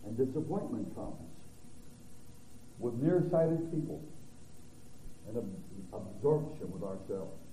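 A man preaching a sermon as a pastor, swinging from loud to hushed. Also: on the low side, lively intonation, slow, long pauses, slight background noise. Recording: tinny phone-like recording.

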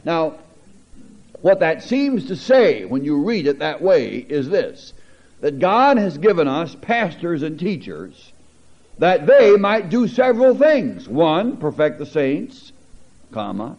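A man preaching a sermon, reading scripture aloud with teacherly asides and building to emphatic, animated peaks. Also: a little high, takes it slowly. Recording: dull lo-fi recording.

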